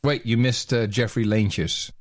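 A man with an average-pitched voice chats on a casual podcast. He talks in halting bursts with many fillers. The sound is dry and close, with no room. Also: steady tone, no room sound. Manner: halting, with many uhs and laughs. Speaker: podcast co-host. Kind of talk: casual banter.

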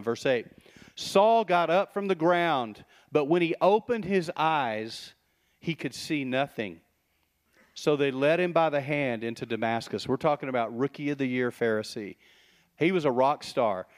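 A middle-aged man giving a sermon as pastor, talking conversationally with quick asides and rhetorical questions. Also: on the high side.

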